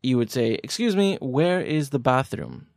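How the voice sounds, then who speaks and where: A man co-hosting a podcast lesson, joking and teasing while explaining grammar slowly. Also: mid-range voice, very animated, gravelly, a little mellow, no room sound, clean studio sound. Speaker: podcast co-host teaching Japanese. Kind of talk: casual language lesson banter.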